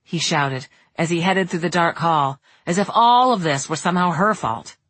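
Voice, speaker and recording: A woman reading a novel aloud in steady audiobook narration. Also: lowish voice, moderate pace, no room sound.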